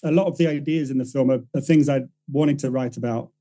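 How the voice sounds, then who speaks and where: This writer-director, a guest on a laid-back podcast interview, speaks fast and steadily in a warm, medium-pitched voice. He wanders through his anecdote, revising as he goes and imitating those he quotes, all captured on a low-quality recording.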